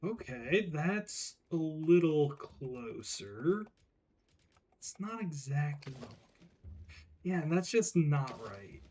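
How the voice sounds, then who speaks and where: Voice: medium pitch, big pitch swings, slow pace, warm tone. A streamer casually thinking aloud while choosing gear during a game stream, muttering half to themselves. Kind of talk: casual gaming stream commentary.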